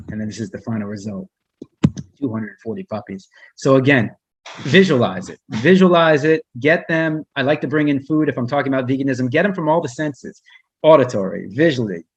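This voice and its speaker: A man's voice: mid-range voice, a little mellow, slightly rough, no room sound. A man who works as a humane educator, giving a casual online presentation with slides, speaking conversationally with many restarts and fillers.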